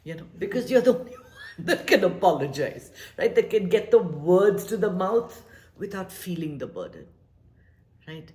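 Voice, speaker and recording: A woman giving life advice in a casual, reflective talk, animated and emphatic, repeating her points and dropping to a soft whisper for emphasis. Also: fairly low pitch, normal speed. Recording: echoey room.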